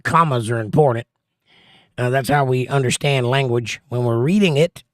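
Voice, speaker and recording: A man's voice: medium pitch, moderate pace, dry recording, studio quality. A middle-aged man hosting a live stream, reading viewer comments aloud with wry, teasing banter. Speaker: livestream host reading chat. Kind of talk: casual live-stream chat.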